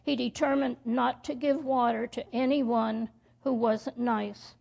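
A woman reading a story aloud to children in church, halting and stumbling over words as she goes. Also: on the high side, fairly even intonation, gravelly, a little mellow. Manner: slow, halting reading with slips and restarts. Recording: dull lo-fi recording.

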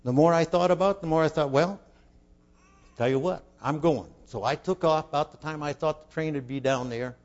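An older man telling a folksy childhood story, asking his listeners questions and dropping to a hush for his inner thoughts. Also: on the high side, brisk. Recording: dull lo-fi recording.

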